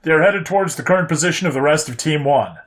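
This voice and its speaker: A man voicing a calm female ship computer that gives flat, precise announcements. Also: fairly high pitch, fast talker, voice pushed up, lightly acted. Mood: clinical.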